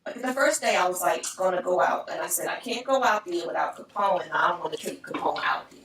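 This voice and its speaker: A woman's voice: lowish voice, quick pace, fairly bright tone, a little hiss or hum. A woman in a casual chat, blunt and frank, with some swearing. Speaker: podcast co-host. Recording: echoey room, mic at a distance.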